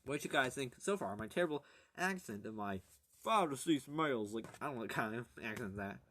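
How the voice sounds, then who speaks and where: A man with a medium-pitched, animated, fairly bright voice reads an audiobook aloud as an amateur. His delivery is casual and rambling, full of stumbles, halting self-corrections and breaks for crude, jokey asides.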